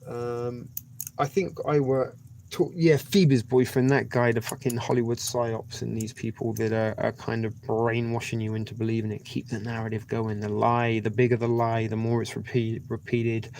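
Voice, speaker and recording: A man's voice: medium pitch, flat delivery, normal speed, warm tone, slight background noise. A man hosting a livestream, rambling casually with many hesitations. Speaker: livestream host.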